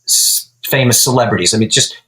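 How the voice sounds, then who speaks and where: A man who builds guitars, a podcast guest telling a long story in a relaxed, chatty way. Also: medium pitch, brisk, low-quality recording. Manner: relaxed storyteller who acts out quoted dialogue. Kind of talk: casual storytelling interview.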